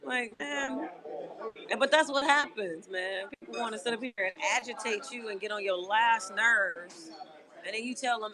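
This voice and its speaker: A woman's voice: fairly high pitch, normal speed. A woman livestreaming from a diner, venting angrily and swearing a lot in a casual, fed-up way. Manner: angry, profane venting. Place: inside a busy diner. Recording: noisy diner crowd behind. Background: restaurant crowd chatter.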